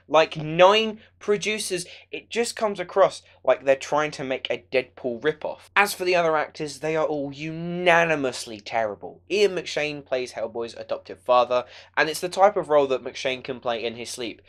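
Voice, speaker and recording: A man's voice: on the high side, lively intonation, moderate pace, hardly any pauses, a bit bright. Sarcastic ranting young man. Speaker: film reviewer. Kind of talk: ranting movie review vlog.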